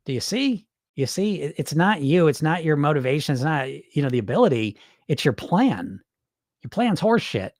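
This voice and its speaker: A man's voice: on the high side, sing-song, fast, no room sound, studio quality. A man coaching dieters in a live-stream talk, blunt, profane and mocking as he acts out their excuses. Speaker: weight loss coach.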